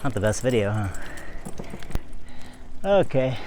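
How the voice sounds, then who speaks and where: Guy out of breath biking uphill, filming on his phone, low voice, talks slow, laughs a lot. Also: darkish tone, slight background noise. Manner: chatty and breathless, laughing often. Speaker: cycling vlogger. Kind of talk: casual vlog while riding. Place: outdoors, riding a bike uphill. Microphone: phone camera held while cycling.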